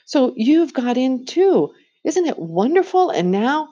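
A woman's voice: lowish voice, sing-song, measured pace, warm tone, slightly rough, muffled recording, heavily acted. A woman voicing an eager, happy young girl who gushes breathlessly, in a storybook reading. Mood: excited. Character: excited, happy little girl.

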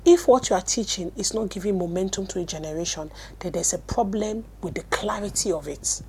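A Nigerian woman teaching a sermon, animated storytelling that swings from loud bursts to hushed words, speaking into a mic at a desk. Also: mid-range voice, brisk, slight background noise. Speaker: apostle and teacher.

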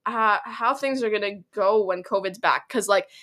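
A teenage girl co-hosting a podcast, chatting casually with teasing quick reactions. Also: mid-range voice, pushed and bright. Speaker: podcast co-host. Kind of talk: casual chat.

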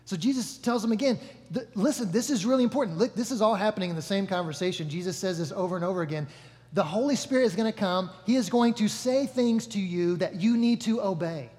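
A man giving a sermon as pastor, relaxed and joking, often correcting himself mid-sentence. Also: sits high, quick pace. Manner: casual, joking, self-correcting. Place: church hall. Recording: long reverb of a large hall.

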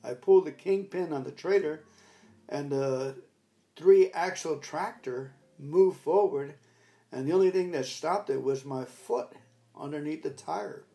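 A man's voice: fairly high pitch, measured pace. An older man telling a rambling personal story in a casual, reflective talk. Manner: rambling storyteller, bursts into loud commands when retelling. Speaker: recovery talk speaker.

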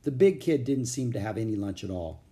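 A man narrating a children's chapter book, expressive, doing all the character voices. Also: fairly low pitch, fairly quick.

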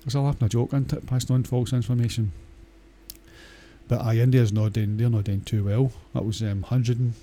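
A man's voice: mid-range voice, steady tone, brisk, dark tone, slight background noise. A Scottish man talking in a casual, rambling monologue, blunt and crude, swearing often and hesitating with many fillers.

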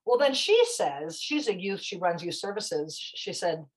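A woman's voice: mid-range voice, very animated, unhurried, poor audio. A woman guest in a conversation, telling a story in a passionate, emphatic, chatty way.

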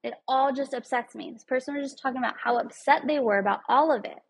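A woman's voice: sits high, quick pace, vocal fry, a little hiss or hum, low-quality recording. A woman speaking in an earnest, emphatic way, giving a casual motivational talk with some rambling asides.

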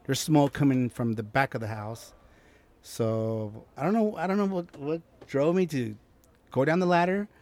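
A young man, a guest in a casual interview, telling a personal story with lively acted-out quotes and frequent restarts. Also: medium pitch. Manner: animated, acts out quotes, many restarts.

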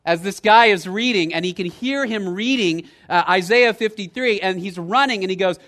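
A male pastor delivering a sermon in a bright, ringing voice that sits a little high for a man. He tells the story vividly, sinking low and quiet to stress a point, then climbing loud as he acts it out, and he often checks in with his listeners. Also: normal speed, hardly any pauses. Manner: lively storytelling, checks in with "right?"; swings from quiet, low emphasis to loud, raised retelling.

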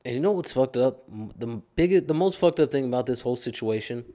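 A man's voice: medium pitch, expressive, fast, mellow. A young adult man hosting a casual solo podcast, rambling and swearing in a tired, downbeat way. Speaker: podcast host.

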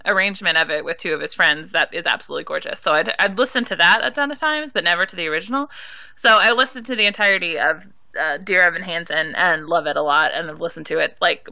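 A woman talks on a podcast in a very sharp, bright voice, a little drunk and excitable, swearing freely. The recording sounds dull and lo-fi. Her voice sits somewhat low. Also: creaky, no room sound. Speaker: podcast co-host. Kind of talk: casual podcast chat.

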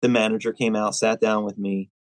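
A man in casual conversation, telling stories in an animated way, with lots of fillers and restarts. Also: lowish voice, brisk, no echo, low-quality recording. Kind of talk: casual chat.

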